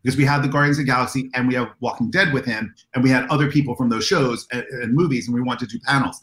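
A man's voice: medium pitch, very fast, hardly any pauses. An enthusiastic man spins convention stories for an interviewer, acting out the dialogue as he goes. His voice sits in the middle range for a man. It carries a noticeable room echo. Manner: animated, enthusiastic storyteller who acts out dialogue. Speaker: convention organizer, guest. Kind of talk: anecdotal interview storytelling.

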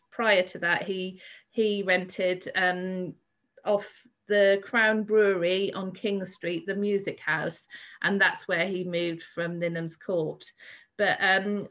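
A woman's voice: fairly low pitch, fairly bright tone, poor audio. A woman co-hosting a podcast walking tour, talking in a loose, conversational way with frequent ums and restarts. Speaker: podcast co-host and tour guide.

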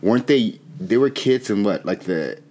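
Man, very low voice, plainspoken, earnest, casual comedic chat co-host. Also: expressive, normal speed, a little mellow. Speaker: podcast co-host.

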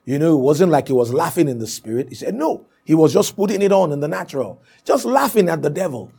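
Gravelly, lively male preacher. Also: a little high, quick pace. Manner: emphatic, repeats points, punctuates with "Amen". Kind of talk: sermon.

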